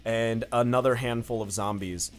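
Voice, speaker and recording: A man's voice: mid-range voice, fairly even intonation, moderate pace. A young man narrating as game master in a loose, casual way, with lots of fillers. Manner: loose, filler-heavy describing with many "like"s.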